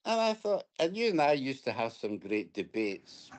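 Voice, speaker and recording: A man's voice: mid-range voice, very animated, normal speed. A Scottish man from Scotland, a guest in an interview, telling his personal story in a reflective, storytelling way with hesitant restarts.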